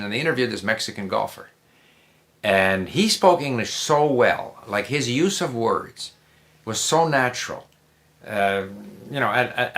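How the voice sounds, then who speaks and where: A man's voice: medium pitch, sharp tone. A man speaking as the guest on a language-learning interview, giving conversational advice in an emphatic way, often repeating himself and restarting his sentences.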